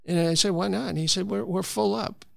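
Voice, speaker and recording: A Florida man who advocates for conservation tells stories earnestly in a conversational interview, restarting often. His voice sits high, fairly quick and creaky, with no echo.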